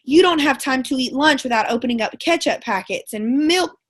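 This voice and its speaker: A woman with a somewhat high voice gives a live motivational pep talk over an online call. She talks in a chatty, folksy way, calls her listeners girlfriend and y'all, and stacks repeated words for emphasis. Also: lively intonation, a little fast. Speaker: wellness product sales ambassador and schoolteacher.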